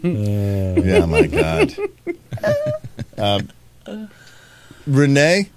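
A man's voice: on the low side, very slow, heavy background noise. A middle-aged man hosting a radio show, telling a family story with lots of laughter. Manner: animated storyteller, laughs a lot. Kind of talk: morning radio banter.

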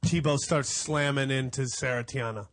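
A man's voice: medium pitch, fairly even intonation, moderate pace. A man, a comedian co-host, trading crude, teasing banter in a casual podcast chat.

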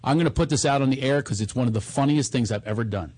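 A middle-aged man hosting a radio show, telling stories in animated casual banter and acting out quotes. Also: mid-range voice, fast talker. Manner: animated storytelling, laughs often, acts out quotes. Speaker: radio host.

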